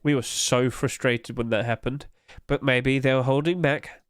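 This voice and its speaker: A young man, streaming and chatting casually and rambling with animated energy. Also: medium pitch, moderate pace, clear, resonant tone, dry recording, clean studio sound. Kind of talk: casual live-stream chat.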